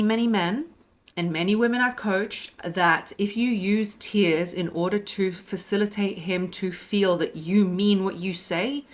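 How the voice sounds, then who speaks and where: A young woman hosting a podcast, giving blunt, emphatic dating advice in a confiding way. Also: lowish voice. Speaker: podcast host and dating coach. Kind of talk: direct advice monologue.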